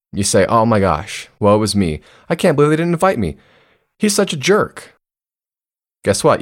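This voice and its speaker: A man hosting a self-help podcast, speaking conversationally and often putting questions to listeners. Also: lowish voice. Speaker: podcast host.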